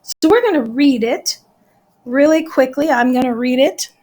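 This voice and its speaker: A woman's voice: high-pitched, expressive, normal speed, warm tone. A woman teacher giving a recorded lesson, explaining step by step and counting out syllables.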